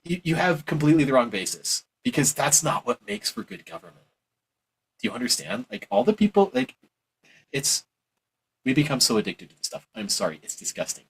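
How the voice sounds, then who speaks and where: A man giving a heated, preachy opinion monologue on politics, mocking others in exaggerated high voices. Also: sing-song, brisk, creaky, slightly rough, rough recording. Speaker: political commentator.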